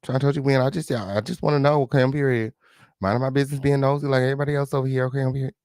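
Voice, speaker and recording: Rapid-fire and fairly even in intonation, this medium-pitched, slightly mellow male voice belongs to a host reacting to the news live. He chats sassily and directly with his viewers, leaning on catchphrases and mock-dramatic asides, in clean studio sound with no room echo.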